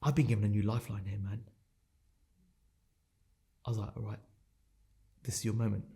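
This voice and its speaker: A man's voice: lowish voice, steady tone, normal speed, creaky, mellow. Intense man telling a raw story. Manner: raw, intense, swears often, repeats phrases for emphasis. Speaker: podcast guest. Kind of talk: emotional personal storytelling.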